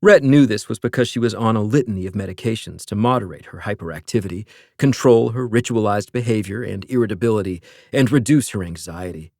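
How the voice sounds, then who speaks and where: A man reading an audiobook as narrator, in a measured storytelling manner. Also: lowish voice, a little mellow, dry recording, clean studio sound. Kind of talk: scripted narration.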